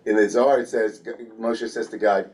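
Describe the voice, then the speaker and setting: Lively man teaching a Torah class. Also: fairly low pitch, a little fast, distant mic. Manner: lively storytelling, playfully acts out biblical characters, frequent restarts. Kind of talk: casual Torah study class.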